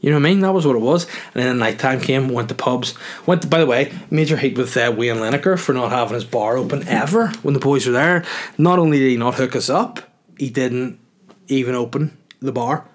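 A man's voice: mid-range voice, brisk. Rambling man telling stories. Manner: rambling, self-mocking, jokey asides. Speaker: podcast host. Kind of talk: casual storytelling monologue.

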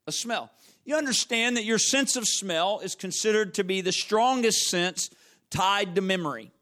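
A man's voice: high-pitched, lively intonation, normal speed, bright, forceful tone. A middle-aged man preaching a sermon, telling stories and repeating phrases for emphasis. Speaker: pastor.

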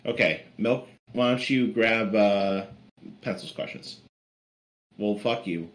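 A man's voice: fairly low pitch, slow, low-quality recording. A man hosting a casual podcast, loose and profane as he moves the talk along. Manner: loose and profane, steering the conversation. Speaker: podcast host.

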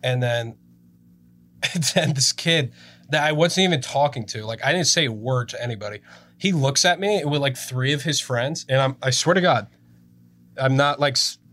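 Young jersey dude rambling on a podcast, swears constantly, keeps cracking up. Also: male voice, mid-range voice, normal speed, a bit bright. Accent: New Jersey. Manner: rambling, heavy swearing, laughs often. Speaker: podcast co-host. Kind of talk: casual chat.

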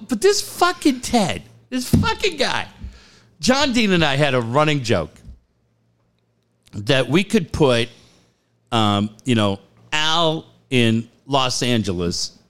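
A male radio host spinning a profane behind-the-scenes story in casual sports-talk banter. His fairly high voice swoops up and down with lively swings, and he laughs his way through the punchlines. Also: takes it slowly, gravelly, pauses often. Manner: profane, animated storyteller who laughs a lot.

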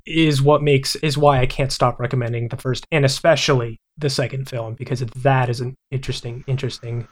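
A man's voice: mid-range voice, fairly even intonation, brisk. A young man casually chatting about movies, rambling with many restarts and fillers. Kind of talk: casual film chat.

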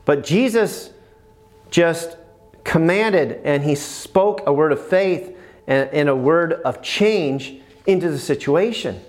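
A man preaching a sermon, emphatic and animated, with bursts of praise. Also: on the high side, slow.

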